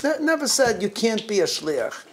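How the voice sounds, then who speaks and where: A man's voice: sits high, sing-song, normal speed, fairly bright tone, slight background noise. A middle-aged man, a rabbi, telling anecdotes to his congregation, often chuckling mid-sentence and restarting his phrases. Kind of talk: anecdotal holiday talk to a congregation.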